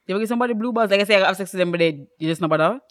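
A young woman, co-hosting a casual chat podcast and telling stories in an animated way, laughing often. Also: medium pitch, rapid-fire. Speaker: podcast co-host.

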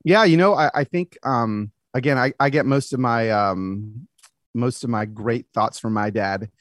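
A man speaks as a podcast guest with earnest, animated energy. His voice is mid-pitched and sounds dry and close, with no room around it. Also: measured pace, dry recording. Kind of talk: casual conversation.

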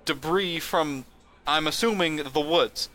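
A man's voice: a little high, slow, sharp tone. A man telling a story in casual chat, laying out details step by step.

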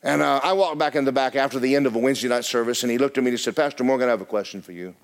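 A male pastor preaching a storytelling sermon, swinging from hushed asides to near-shouted declarations in a church sanctuary. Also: mid-range voice, rapid-fire.

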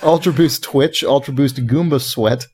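A man's voice: mid-range voice, normal speed, darkish tone. Amused man reading listener entries. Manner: amused, reads names aloud, laughs often. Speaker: podcast host reading listener submissions. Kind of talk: casual podcast chat.

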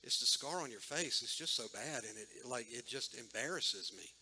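A man plays a teenage girl who is ashamed and close to tears. She speaks quietly and haltingly, stumbling over her words. Her voice carries a bright edge. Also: mid-range voice, lively intonation, slight background noise, voice pushed down, rough recording. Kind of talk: sermon storytelling.

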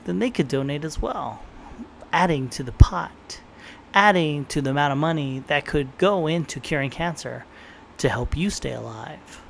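This gravelly voice sits on the high side, with a little background noise behind it. He's a young man from around San Diego, United States, swearing and wandering through a laid-back podcast monologue as he narrates stories and voices what he was thinking.

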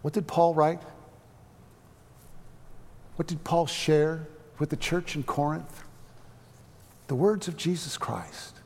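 An earnest male preacher telling a story in a sermon, halting and restarting his phrases. His voice sits somewhat high for a man. A long reverb from a large hall trails each line. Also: darkish tone.

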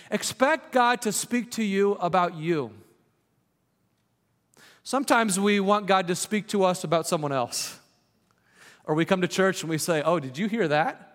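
A man preaching a sermon as a pastor, earnest, sometimes dropping to a hushed voice for emphasis. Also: high voice. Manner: earnest, drops to a hushed voice on key points. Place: church hall with long reverb. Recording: reverberant church hall.

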